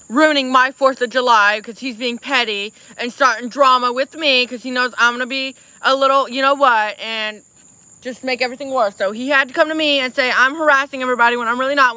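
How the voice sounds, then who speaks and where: A woman streaming live, angrily venting to her chat and apologizing over and over while clearly upset. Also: high voice, bright, forceful tone, no echo. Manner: angry venting, repeated apologies. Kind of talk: casual livestream chat.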